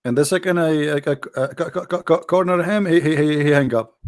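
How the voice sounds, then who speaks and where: A man's voice: a little high, brisk. A man hosting a live call-in debate show, mocking and stammering often as he talks.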